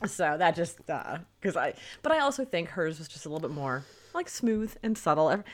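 A woman with a somewhat low voice co-hosts a casual film podcast. She talks in a loose, chatty way, laughing often and circling back with fillers and restarts. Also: sing-song, a little fast. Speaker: podcast co-host.

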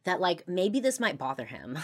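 A woman with a low voice talks on her podcast about something she regrets. She speaks haltingly, with frequent fillers, and her voice often sinks to a quiet trail at the end of a thought. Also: sing-song. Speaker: podcast host. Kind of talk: personal confessional monologue.

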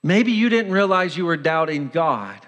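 A man preaches with urgent earnestness, briefly acting out the proud voice of sin. His voice sits fairly high for a man. The sound rings with long reverb, as in a church sanctuary. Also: very animated, moderate pace, fairly bright tone. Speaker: pastor. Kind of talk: sermon.

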